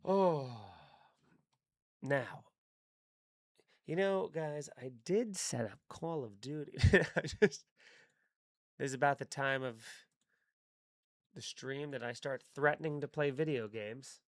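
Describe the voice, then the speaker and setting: A man hosting a live stream, chatting casually and excitably with his viewers and swearing freely. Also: mid-range voice, slow, long pauses, no room sound, clean studio sound.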